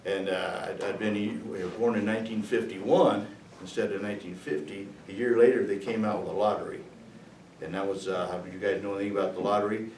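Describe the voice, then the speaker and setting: A man in his sixties telling war stories to students in a rambling, halting way with chuckles. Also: fairly low pitch, steady tone, darkish tone. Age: 60s. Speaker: veteran speaker. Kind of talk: storytelling to students. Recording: echoey room, distant mic, faint noise.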